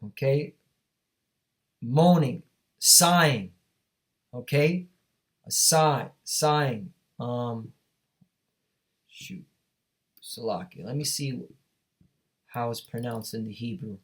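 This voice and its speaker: This Bible teacher has a medium-pitched voice and takes his time, leaving long pauses. He reads scripture verses aloud, then comments on them emphatically, frequently checking in with his listeners.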